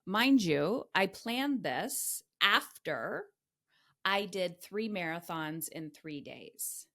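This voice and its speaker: A woman's voice: on the low side, slow. Emphatic, swearing woman podcast host. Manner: emphatic, swears freely, animated retellings. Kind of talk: candid conversational storytelling.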